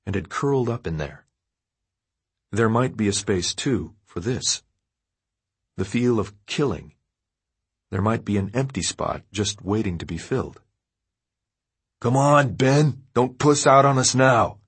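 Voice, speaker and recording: A male audiobook narrator with a low, husky voice reads dark fiction. His delivery is steady and measured, and it stays even through the grim passages.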